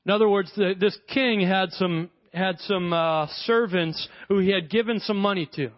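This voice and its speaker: A man's voice: sits high, moderate pace, few pauses, dull audio. A man preaching a sermon in a conversational way, acting out the characters of a parable as he retells it.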